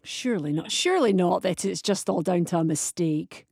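A woman's voice: lowish voice, animated, moderate pace, a little mellow, husky, dry recording. Female radio host, chatty, teasing, dry studio sound. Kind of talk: radio phone-in presenting.

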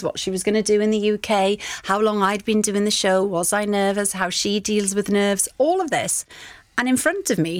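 A woman chatting as a guest, telling a story with animated delivery and acting out the lines of others. Her voice sits at an ordinary pitch, recorded close and dry with no room sound. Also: no room sound. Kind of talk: casual interview chat.

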